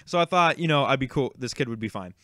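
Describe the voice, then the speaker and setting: A man's voice: mid-range voice, expressive, quick pace, fairly bright tone, no room sound, studio quality. A young man casually telling a long, rambling, exasperated story about a card game tournament, with frequent fillers and swearing. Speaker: YouTube card game creator.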